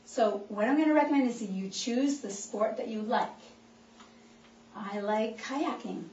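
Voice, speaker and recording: A woman's voice: fairly high pitch, measured pace, a little mellow, slight background noise. Chiropractor woman coaching from across an echoey room. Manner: coaching and cheering listeners on, demonstrating as she talks. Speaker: chiropractor giving a health talk. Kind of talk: animated instructional talk to a group. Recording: echoey room, voice picked up from a distance, dull sound.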